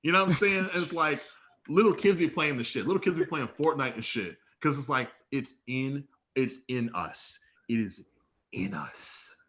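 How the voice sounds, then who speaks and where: A man's voice: mid-range voice, lively intonation, normal speed, fairly bright tone. A young man co-hosting a podcast, telling stories in casual, slangy, profane chat with acted-out dialogue. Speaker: podcast co-host.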